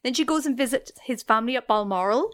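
A woman's voice: on the high side, fast talker. A woman, casually retelling a story on a chat podcast and acting out the quotes. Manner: animated, acts out quoted voices. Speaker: podcast co-host telling the story.

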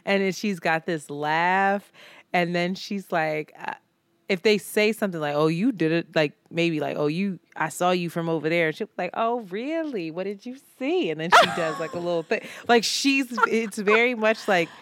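A woman in her thirties co-hosting a casual podcast, telling animated stories, acting out friends' lines and laughing often. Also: on the low side, normal speed, smooth. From Philadelphia. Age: 30s. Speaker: podcast co-host. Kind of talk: casual chat.

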